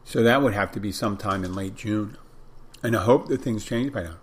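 Recording from home in the Florida Keys, this middle-aged man, a bartender and podcast host, talks casually on his solo show. His voice is lowish and husky and his pace brisk, and he rambles and often backtracks to correct himself.

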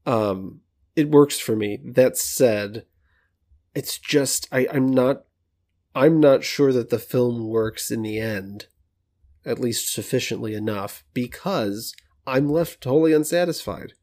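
A man giving his take on a film on a podcast, weighing his words with small restarts. His voice is at an ordinary middle pitch, and his delivery is casual and reflective. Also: slow pace, darkish tone. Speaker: podcast co-host.

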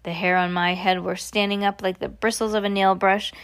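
A woman's voice: medium pitch, level tone, brisk, clean tone. Woman casually reading a story aloud. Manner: casual, with slips and giggles. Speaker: reader of a children's book.

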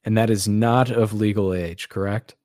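A man's voice: fairly low pitch, steady tone, moderate pace, a little mellow, no room sound, clean studio sound. A man hosting a casual sports podcast, talking in a sarcastic, rambling way. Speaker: podcast host.

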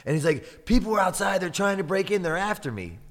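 A man telling personal stories in a casual chat, relaxed and swearing freely, laughing often. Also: sits high, fairly quick. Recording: hall reverb.

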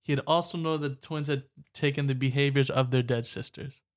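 A man's voice: mid-range voice, fairly even intonation, a little fast. A man co-hosting a casual podcast, telling a story and joking around with his co-host. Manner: joking, laughs often, mock Aussie "mate" asides.

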